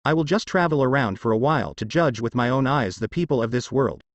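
Calm, easygoing young warrior, a man reading. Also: medium pitch, fairly quick, no room sound, lo-fi sound, natural voice. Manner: calm, nonchalant. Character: young male warrior hero, calm and kind.

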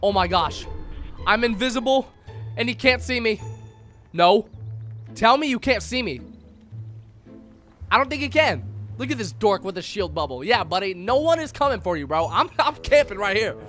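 Young man, high-pitched, gameplay commentary, excitable, bit of music underneath. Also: moderate pace, long pauses. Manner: hyped, slangy, talks to opponents. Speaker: gaming YouTuber.

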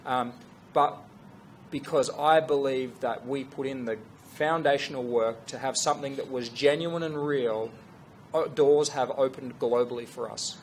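A middle-aged man, a fashion brand founder telling a story to an audience in an earnest, animated way with restarts. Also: mid-range voice, slight background noise. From Australia.

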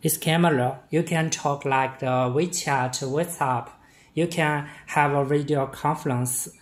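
A man walks through a product demonstration in broken, simple English. His delivery is slow and unhurried, and his pitch stays flat and even as he pieces together short, halting phrases. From China.

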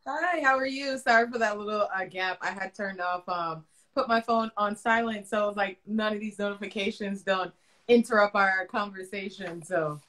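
A woman's voice: mid-range voice, normal speed, a bit bright. A woman with a Caribbean accent hosting a casual interview over a video call, talking in a chatty way with many fillers and restarts. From Florida. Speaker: interview host.

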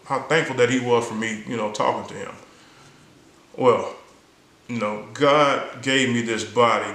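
A man's voice: mid-range voice, a bit bright, reverberant, low-quality recording. A man earnestly telling a personal story in a casual, conversational way, acting out the people he quotes. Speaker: vlogger sharing a personal story.

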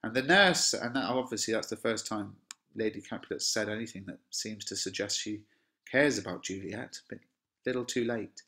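A man from England teaching a lesson on a play. He has a bright, sharp tone. He moves between dramatic readings of the lines and easy, plain explanations. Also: lowish voice, moderate pace. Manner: reads lines dramatically, then explains in plain casual words. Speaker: English teacher.

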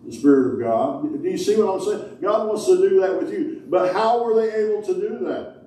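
Male pastor, folksy joking sermon delivery, mellow tone, heard from a distance in a big echoing sanctuary. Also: high voice, lively intonation, moderate pace, slight background noise. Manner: folksy, joking preacher with Southern-style grammar. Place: large church sanctuary. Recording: echoey hall, distant mic.

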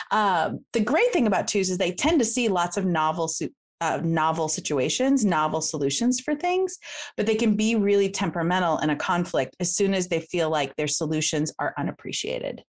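A woman guest coach talking casually in an interview, chatty, laughing often and acting out quick quoted examples. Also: fairly low pitch, expressive. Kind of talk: casual explanatory interview talk.

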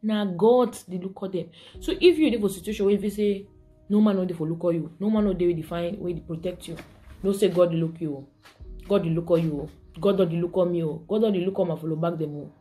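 Soft background music plays as this vlog host talks fairly quickly in a warm voice on the low side, with fairly even intonation. She's from Cameroon, has a Cameroonian Pidgin English accent, and chats casually with viewers, laughing often and moving between pidgin and English.

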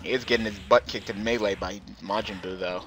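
A man giving casual, excitable commentary on a computer-versus-computer fighting game match, rambling, chuckling and reacting loudly to big hits. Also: fairly low pitch, brisk. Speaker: gameplay commentator.

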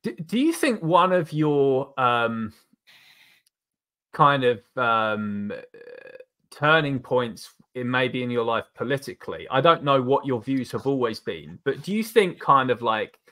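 A man's voice: mid-range voice, lively intonation, measured pace, sharp tone. A man from southeast England with a southeast English accent, hosting an interview and asking long, rambling questions filled with hedging fillers. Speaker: host. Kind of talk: casual interview chat.

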